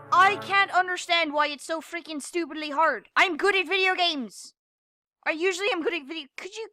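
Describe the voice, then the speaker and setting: A young woman playing a game and commenting, frustrated, swearing and yelling at it. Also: very high voice. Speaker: gamer. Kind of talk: gameplay commentary.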